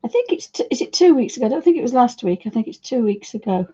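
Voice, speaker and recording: A woman in her fifties, hosting an art livestream from her home studio, chatting in a rambling, friendly way with a croaky voice. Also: on the high side, big pitch swings, fast talker, warm tone, highs cut off. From United Kingdom. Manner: chatty, rambling, talks fondly to her dog. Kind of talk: casual chat to viewers and pets.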